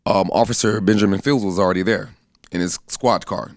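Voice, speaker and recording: An American army veteran in his thirties, appearing as a guest, earnestly tells his personal story in plain conversational speech and acts out the voices he quotes. His voice is on the low side with fairly even intonation and a brisk pace, captured in a dry, studio-quality recording.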